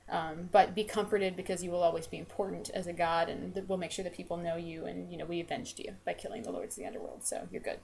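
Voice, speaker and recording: A woman's voice: on the low side, steady tone, fast talker, creaky, hardly any pauses, darkish tone, slight background noise. A woman voicing a pair of defiant young male hero twins and paraphrasing their speech in casual modern slang. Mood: apologetic.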